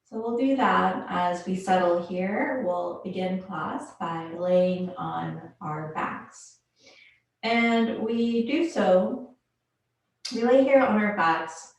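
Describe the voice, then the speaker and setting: Calm woman guiding yoga in an echoey room. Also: lowish voice. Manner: slow, calm guided cues with pauses. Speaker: yoga instructor. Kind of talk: guided yoga class instruction. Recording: very echoey room, mic far off.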